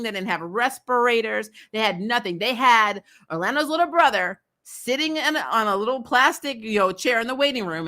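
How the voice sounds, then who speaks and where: Woman, bright tense voice, chatty, opinionated, exasperated, casual recap. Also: on the high side. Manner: chatty, animated, frequent laughs and fillers. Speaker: host.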